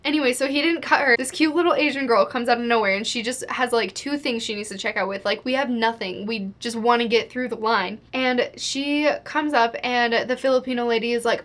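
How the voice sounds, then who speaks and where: A woman's voice: fairly high pitch, moderate pace, hardly any pauses, fairly bright tone. A young woman telling a storytime vlog to the camera, chatty and exasperated, full of "like". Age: young adult. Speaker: vlogger.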